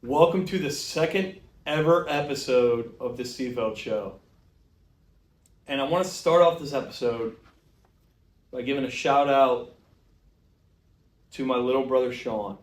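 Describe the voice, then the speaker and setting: A man's voice: medium pitch, unhurried, long pauses. A young man hosting a show, delivering a bombastic, exaggerated comedic rant. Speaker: show host. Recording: roomy, distant mic.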